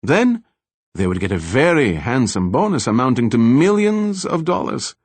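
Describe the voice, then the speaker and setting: A man voicing a calm, lecturing laboratory scientist with a slight foreign accent, explaining things patiently in an audiobook. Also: medium pitch, dry recording. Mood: explanatory. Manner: measured, explanatory, politely evasive. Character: middle-aged male lab director, soft-spoken, lecturing, with a slight foreign accent.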